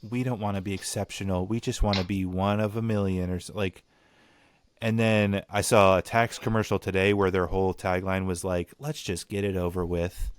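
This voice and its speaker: Blunt, ranting young man, deep voice. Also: level tone, normal speed, clear, resonant tone. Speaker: podcast host. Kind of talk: casual chat.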